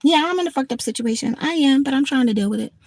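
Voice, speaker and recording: Here the same kind of livestream host, a woman in her fifties, talks quickly in a high, slightly mellow voice on a dry recording. Tired and frank, she keeps it casual, drops profanity, and repeats things.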